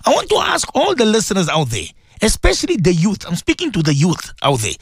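Radio host, preaching talk, emphatic, repeats phrases, Arabic phrases in English, animated pitch, dry studio sound. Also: brisk, vocal fry, slightly rough, no room sound.

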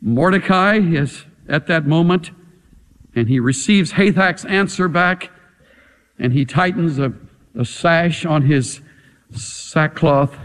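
Guy preaching a sermon, slow and dramatic, voice ringing round a big echoey hall. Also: on the high side. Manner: dramatic, emphatic preaching with rhetorical questions.

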